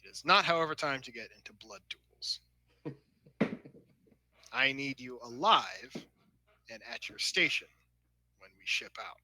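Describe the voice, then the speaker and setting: A man playing a starship officer in a tabletop role-play, speaking in a calm, measured way. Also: mid-range voice, no echo, low-quality recording. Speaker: player voicing a starship officer.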